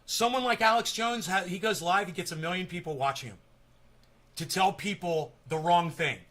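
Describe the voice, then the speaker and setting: A man's voice: high-pitched, moderate pace, pushed and bright. A man hosting a casual live-stream interview, talking in a chatty, rambling, opinionated way.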